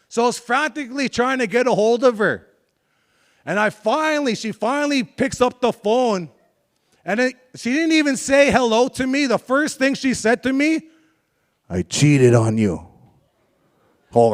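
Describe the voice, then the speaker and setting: High-voiced man telling his story. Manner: candid, confessional storytelling with audience banter. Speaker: speaker sharing his life story. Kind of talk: live motivational talk to an audience.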